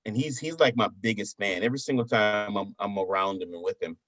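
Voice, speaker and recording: A man's voice: on the low side, fairly quick, fairly bright tone, dry recording. A man from Buffalo, New York, in his thirties, co-hosting a casual podcast chat and telling stories animatedly with frequent restarts. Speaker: podcast co-host.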